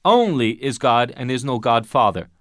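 A man's voice: mid-range voice, animated, moderate pace, no echo. A man teaching Bible Greek grammar in an emphatic way, asking rhetorical questions and repeating his key points.

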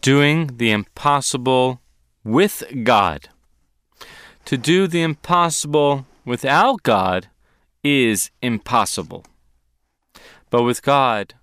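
A man's voice: medium pitch, fairly bright tone, smooth, dry recording. Earnest male Bible teacher, emphatic delivery, clean dry studio voice. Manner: earnest, emphatic, repeats verses in English and Hebrew. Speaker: ministry teacher.

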